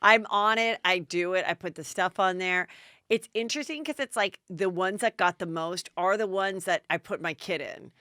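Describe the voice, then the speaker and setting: A woman's voice: lowish voice, normal speed, sharp tone, no room sound, studio quality. A middle-aged woman hosting a podcast, chatting and telling stories with easy laughs. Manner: chatty, storytelling, laughs easily. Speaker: podcast host. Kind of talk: casual chat.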